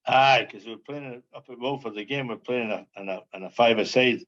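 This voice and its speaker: A man's voice: medium pitch, fast, a bit bright, dull audio. An older man, a former footballer, reminiscing as a podcast guest in a rambling way, repeating phrases and asking "you know what I mean". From Scotland. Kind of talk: casual reminiscing chat.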